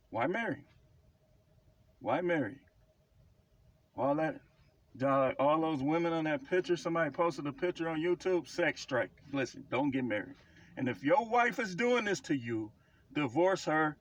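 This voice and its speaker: A man's voice: on the high side, dry recording. A man speaking as a self-described prophet, preaching life advice in a blunt, emphatic way and repeating phrases for stress. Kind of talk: casual preaching monologue to camera.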